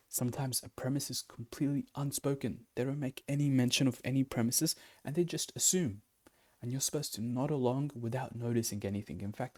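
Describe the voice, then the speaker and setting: A man's voice: mid-range voice, darkish tone. A man giving a casual explanatory lesson in a loose, conversational way, with fillers and self-corrections. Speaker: online teacher.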